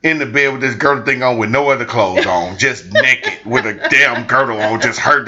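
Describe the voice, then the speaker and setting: A man in casual storytelling chat who acts out quotes with big leaps in pitch and speaks. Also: normal speed, few pauses, a crowd in the background. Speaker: co-host. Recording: dull lo-fi sound.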